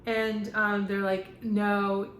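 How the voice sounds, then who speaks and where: A woman in her fifties, a medium, talking in a rambling, halting way with frequent fillers and laughter. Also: medium pitch, steady tone. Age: 50s. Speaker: spiritual medium. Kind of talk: casual channeling monologue. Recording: echoey room with faint background noise.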